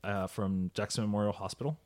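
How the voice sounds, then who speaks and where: A man co-hosting a casual podcast, telling stories in an animated way and dropping Spanish words. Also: on the low side, brisk. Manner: animated, lively storytelling with Spanish interjections. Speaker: podcast co-host. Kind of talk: casual chat.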